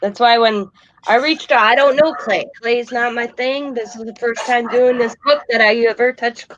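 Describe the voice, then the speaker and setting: Older woman chatting, high dry voice. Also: normal speed, no echo, muffled recording. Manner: animated storyteller, quotes her granddaughter. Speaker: host. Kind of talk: casual chat.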